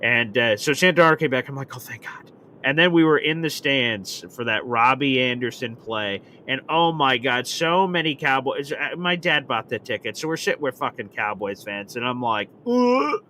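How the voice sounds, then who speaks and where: A man hosting a live sports reaction show, telling fan stories with bursts of excited swearing. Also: medium pitch, moderate pace, few pauses, a little hiss or hum. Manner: excitable storyteller, acts out shouting and swearing. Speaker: host.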